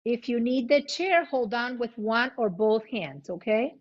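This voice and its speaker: A woman guiding a chair yoga class, giving cues in both English and Spanish and demonstrating loud vocal sounds. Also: fairly high pitch, expressive, unhurried. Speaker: yoga instructor. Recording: muffled lo-fi recording.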